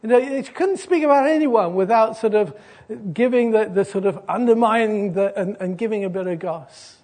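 A middle-aged man, a pastor preaching an earnest sermon that softens into a quiet, gentle invitation. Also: high voice, moderate pace.

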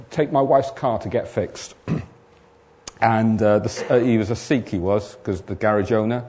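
A man's voice: mid-range voice, mellow. A man preaching to a congregation. He tells his story by playing out the back-and-forth of a conversation, then builds into emphatic, urgent exhortation. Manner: acts out both sides of conversations, rising to emphatic exhortation. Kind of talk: sermon with storytelling.

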